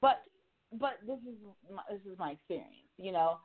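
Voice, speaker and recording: A woman's voice: mid-range voice, expressive, normal speed, over a noisy crowd. A woman calling in for a casual chat, talking frankly and profanely and laughing often. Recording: tinny phone line.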